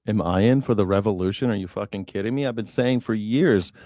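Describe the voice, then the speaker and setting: A man's voice: fairly low pitch, brisk, warm tone, dry recording, studio quality. A man hosting a news reaction show, ranting sarcastically with profanity.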